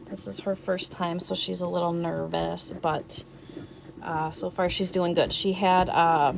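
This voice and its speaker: A woman hosting a casual home live stream, murmuring softly and soothingly to a dog in labor. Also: fairly low pitch, flat delivery, unhurried, gravelly. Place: indoors at home, tiled floor. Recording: loud background noise.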